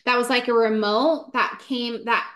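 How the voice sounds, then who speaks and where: A young woman in her twenties, co-hosting a casual podcast, recounts a ghost story. Her voice sits a little high, and she talks fast and animatedly, packed with "like" fillers and acted-out quotes. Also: fairly even intonation, a bit bright. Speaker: podcast co-host.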